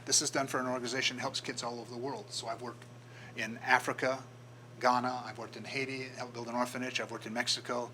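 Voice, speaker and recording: An older man gives a relaxed talk to a club about his design work, slipping into the voices of the people in his stories. His voice is bright and forward, at an ordinary pitch. A faint hiss of background noise sits under the recording. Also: fast, low-quality recording. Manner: storytelling, acts out quoted voices. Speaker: guest speaker, graphic designer. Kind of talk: casual presentation to a club. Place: meeting room.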